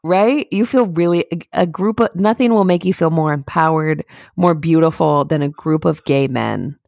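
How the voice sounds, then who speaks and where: A woman's voice: deep voice, normal speed, gravelly, a little mellow, dry recording, clean studio sound. A young woman co-hosting a podcast, telling rambling stories in casual chat with lots of laughs and restarts. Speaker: podcast co-host.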